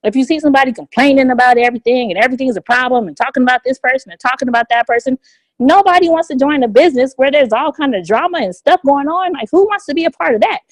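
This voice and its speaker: A woman's voice: high-pitched, fast, dry recording. Upbeat woman with a dry, close sound. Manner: energetic and repetitive, hammers home key phrases. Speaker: business opportunity trainer on a conference call. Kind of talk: motivational training talk. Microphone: phone conference line.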